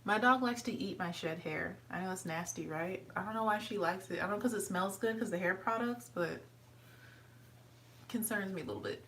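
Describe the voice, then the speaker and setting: Woman vlogger, bright voice, mic a bit far off w faint noise, chatty hair talk. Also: fairly quick. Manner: chatty, talks to her dog in a high sweet voice. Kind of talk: casual hair tutorial chat.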